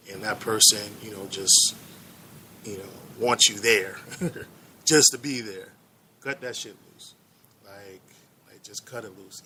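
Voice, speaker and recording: A man's voice: medium pitch, bright, forceful tone, a little hiss or hum. Blunt, chatty male radio host. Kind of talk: casual talk show chat.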